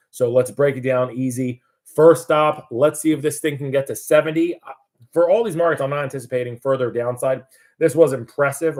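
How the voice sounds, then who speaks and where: A man hosting a loose, chatty market show. He rambles over charts at a middle pitch, jokes, and corrects himself as he goes. His voice is plain and everyday. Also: a little mellow. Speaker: market analyst host.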